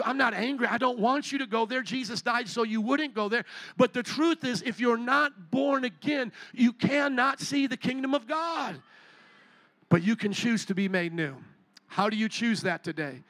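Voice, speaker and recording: A man's voice: sits high, a bit bright, no echo. A male pastor preaching a sermon from a stage with a handheld microphone, fervently firing rhetorical questions at the congregation. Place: stage in a large building.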